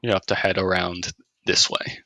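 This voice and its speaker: A man running a tabletop game as game master, narrating at an unhurried pace with frequent hesitations. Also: deep voice, monotone, bright, forceful tone, poor audio.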